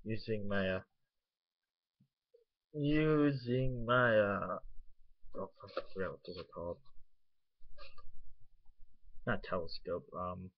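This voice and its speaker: A man's voice: deep voice, flat delivery, moderate pace, creaky, highs cut off. A man talking casually to his viewers in a rambling vlog, swearing freely and losing his train of thought. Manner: rambling, profane, easily sidetracked. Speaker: vlogger.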